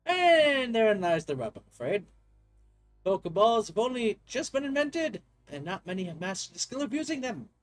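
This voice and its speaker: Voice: medium pitch, sing-song, moderate pace, soft background music, pitched above the performer's own voice, close to an everyday voice. A player reads game dialogue aloud in a put-on voice as a genteel, chatty male professor with polite old-fashioned phrasing. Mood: enthusiastic. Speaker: gaming video creator.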